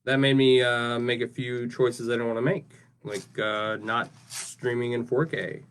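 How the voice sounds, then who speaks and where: A man's voice: medium pitch, fairly even intonation, a little slow, a bit bright, a little hiss or hum. A man casually talking through his craft work on a livestream, rambling and often ending sentences with "right?". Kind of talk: casual livestream talk while working.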